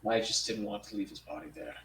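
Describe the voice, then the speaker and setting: A man's voice: lowish voice, quick pace, a bit bright. A man speaking in character as a player in a tabletop role-play, rambling and hesitant with many fillers. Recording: roomy sound, from far off, faint noise.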